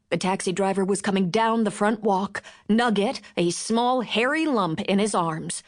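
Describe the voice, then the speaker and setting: A woman narrating a novel in measured, expressive storytelling. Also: mid-range voice. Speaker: audiobook narrator. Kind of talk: scripted audiobook narration.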